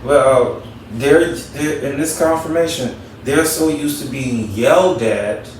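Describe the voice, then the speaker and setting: A man's voice: a little high, a little mellow, a little hiss or hum. A man hosting a casual advice talk, speaking conversationally and repeating his points for emphasis. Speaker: talk show host. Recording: echoey room, mic at a distance.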